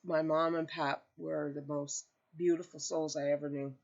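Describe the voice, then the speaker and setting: A woman's voice: sits low, flat delivery, normal speed, vocal fry. A woman talking casually to her viewers from home, rambling and tearful as she shares personal news. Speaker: crochet vlogger. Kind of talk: casual chat to camera. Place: home, with pets nearby. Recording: dull lo-fi home video audio.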